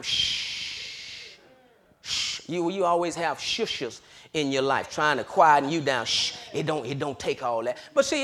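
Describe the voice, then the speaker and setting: A man preaching a sermon, swinging between loud hollering and low murmurs and laughing often.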